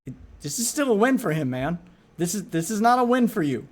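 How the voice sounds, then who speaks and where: A high-pitched man talks over a clip as a streamer, casual and exasperated. He stumbles and repeats words when he gets worked up. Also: sing-song, a little fast. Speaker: streamer reacting to a video. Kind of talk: casual reaction commentary.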